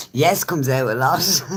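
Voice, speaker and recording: A woman's voice: deep voice, slightly rough. An Irish woman and smoker chatting casually with viewers on a live stream, laughing often as she talks. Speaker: livestreamer.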